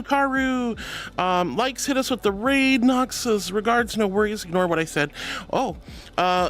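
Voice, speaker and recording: High-voiced man, affectionate streamer. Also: expressive, moderate pace. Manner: affectionate, calls viewers sweetie and honey; gentle, soft-spoken, hesitant fillers. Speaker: VTuber streamer. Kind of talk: casual livestream chat reading.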